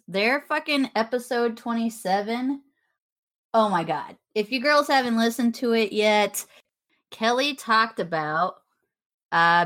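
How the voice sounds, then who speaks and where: Slow-talking profane woman podcaster. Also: on the high side, fairly bright tone. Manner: loose, profane, drawn-out delivery. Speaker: podcast co-host. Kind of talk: casual chat.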